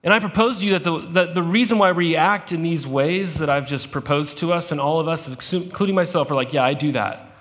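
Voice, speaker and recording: A man with a somewhat high-pitched voice delivers a sermon as a pastor. He keeps it conversational, posing questions to the congregation rather than lecturing. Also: fairly quick, few pauses, fairly bright tone.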